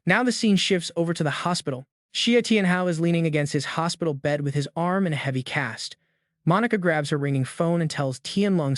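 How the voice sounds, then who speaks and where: A man's voice: fairly high pitch, brisk, dry recording, clean studio sound. A man narrating a comic recap with punchy, emphatic storytelling.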